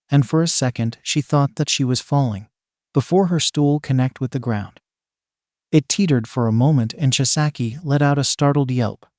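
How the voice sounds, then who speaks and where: A man's voice: medium pitch, darkish tone, no room sound, studio quality. A man steadily narrating a fan fiction story.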